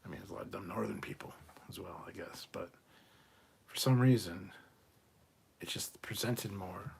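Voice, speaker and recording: A man's voice: low voice, moderate pace, gravelly, darkish tone, slightly rough. A man hosting a casual live stream, reading viewer questions aloud and answering them bluntly, with plenty of swearing and muttered asides.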